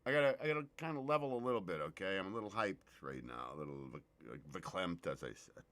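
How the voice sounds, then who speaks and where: A man hosting a casual livestream, excitable and profane, greeting viewers in the chat by name. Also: deep voice, fast talker. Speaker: livestream host.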